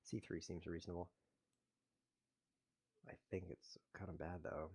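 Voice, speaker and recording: A man hosting his own show, commentating his chess games with playful mock-outrage, muttering one moment and loudly protesting the next. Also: low voice, level tone, a little slow, slightly rough. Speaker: host. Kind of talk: live chess game commentary.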